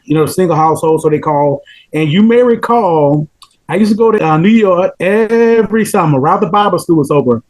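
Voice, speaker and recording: A man in his fifties with a Southern Georgia accent, telling stories as a podcast guest in an animated way, laughing often. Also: high-pitched, rough recording. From Pelham, Georgia, US. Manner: animated, laughs often, repeats words when excited. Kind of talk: casual storytelling interview.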